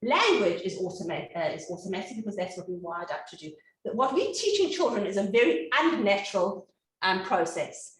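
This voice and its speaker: Animated woman in an echoey room. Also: mid-range voice, a little fast. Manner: animated, demonstrates sounds for children. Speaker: reading specialist. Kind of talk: educational talk. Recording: echoey room, distant mic.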